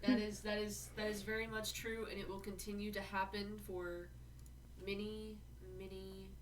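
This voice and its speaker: A woman co-hosting a live stream, chatting casually and gushing excitedly as she chimes in. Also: mid-range voice, fairly quick, distant mic, rough recording. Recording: off-mic with faint background noise.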